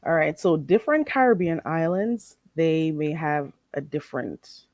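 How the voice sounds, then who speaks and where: A woman's voice: low voice, expressive, measured pace, darkish tone, no room sound. A woman hosting a casual livestream, chatty and blunt, teaching phrases with many fillers.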